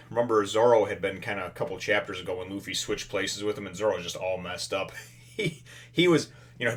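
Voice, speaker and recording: Rambling low-voiced man reviewing a chapter. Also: a bit bright. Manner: rambling, filler-heavy retelling with playful voiced-out character quotes. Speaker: manga review host.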